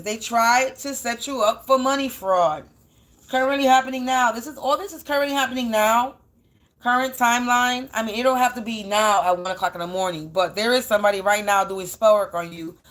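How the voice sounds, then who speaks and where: A woman's voice: a little high, a bit bright. A woman doing a casual spiritual reading, blunt and profane, repeating phrases for emphasis. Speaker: spiritual energy reader.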